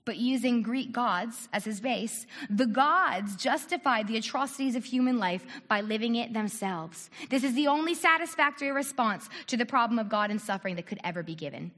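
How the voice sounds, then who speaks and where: A woman from the United States preaching a sermon, animated, asking rhetorical questions and acting out quoted voices. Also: on the high side, moderate pace, few pauses. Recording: long reverb of a large hall.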